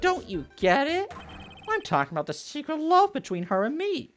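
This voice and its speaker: A woman voicing a goofy, lovesick young man who whines and pleads in a squeaky, frantic voice. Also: huge pitch swings, normal speed, faint music behind. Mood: whiny.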